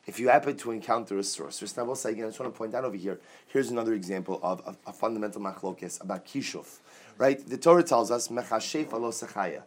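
A man teaching a Talmud class, reading Aramaic phrases and explaining each in English, energetic and joking with his students. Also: on the low side, quick pace, breathy edge.

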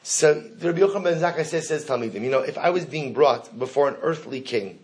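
A man's voice: mid-range voice, fast talker, hardly any pauses. A man teaching a Talmud class to students. He reads each passage aloud, then translates and explains it, and stops to put questions to the room. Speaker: Torah teacher.

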